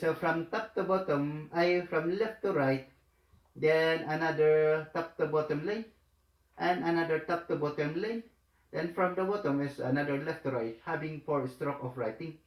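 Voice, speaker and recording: Slow, halting man with a high voice. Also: roomy sound. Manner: halting, many fillers, repeats each phrase. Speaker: language teacher. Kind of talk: slow instructional lesson.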